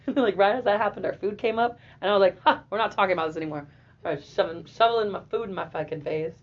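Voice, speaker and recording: A woman in her twenties, a podcast guest, telling a personal story in a lively, profane way and often laughing. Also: mid-range voice, fast. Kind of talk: casual storytelling. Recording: dull lo-fi audio.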